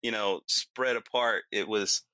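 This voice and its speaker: Guy on a podcast telling a wild story, bright edgy voice, dead dry sound, lots of you knows. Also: lowish voice, fairly even intonation, unhurried, no echo. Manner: vivid, lots of fillers, acts out his own yelling. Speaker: podcast guest. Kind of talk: casual storytelling.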